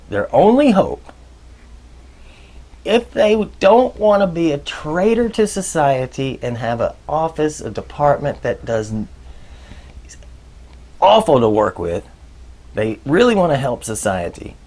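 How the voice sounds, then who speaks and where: A man with a gravelly, fry-edged voice gives casual workplace advice as the host of a leadership video. His pitch swings widely from loud, high bursts down to low muttered asides, and he keeps it chatty and joking throughout.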